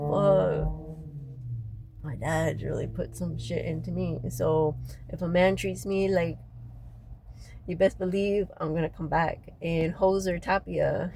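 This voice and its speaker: A woman's voice: a little hiss or hum, low-quality recording. Crying, profane woman venting in a rant. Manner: raw, agitated and profane, voice often dropping low and quiet. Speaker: local resident venting after a city meeting. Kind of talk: emotional personal vlog rant.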